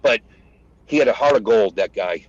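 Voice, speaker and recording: A retired American master sergeant, a man, retelling combat stories in casual conversation and acting out the shouted lines. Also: on the low side, moderate pace, dry recording, muffled recording. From United States. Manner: animated retelling, acts out shouted quotes. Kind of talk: conversational war storytelling.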